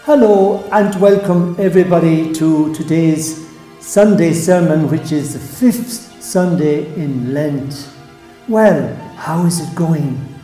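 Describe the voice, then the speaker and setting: Priest delivering a sermon; unhurried, soft trailing phrase ends, warm low timbre, roomy echo. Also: male voice, soft background music.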